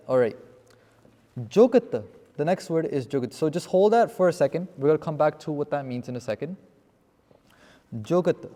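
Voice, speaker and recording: A man with a high, darkish voice teaches a live class in a seminar on scripture vocabulary, explaining terms and frequently checking in with "okay?". The recording carries a long hall reverb.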